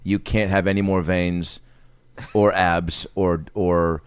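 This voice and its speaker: Low-voiced man telling comic stories. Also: takes it slowly, smooth, no room sound. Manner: animated storytelling, slips into quoted voices. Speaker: comedian podcast co-host. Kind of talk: casual comedic chat.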